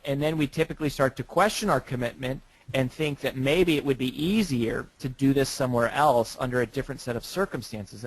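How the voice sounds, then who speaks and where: A man speaks at an ordinary middle pitch in a casual interview, spinning a story and often stumbling over the first words of a sentence. The recording sounds dry and close. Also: no room sound, poor audio. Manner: storytelling, repeats words when starting. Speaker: guest author.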